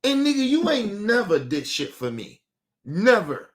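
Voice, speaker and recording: Young man, profane live-stream rant; high, swinging voice. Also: sing-song, unhurried. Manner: profane, heated, swings from low and quiet to loud outbursts.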